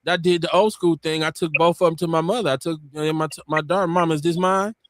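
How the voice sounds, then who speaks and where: A man hosting a casual podcast talk show, telling stories with lively quoted voices. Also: fairly high pitch, fast, dry recording. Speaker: podcast host. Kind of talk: casual chat.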